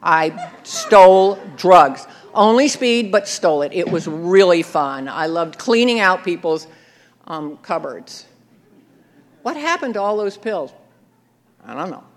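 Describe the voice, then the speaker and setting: A woman's voice: lowish voice, very animated, slow. A woman telling a personal recovery story in a wry, self-mocking way, often breaking into laughter. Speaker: speaker sharing her recovery story.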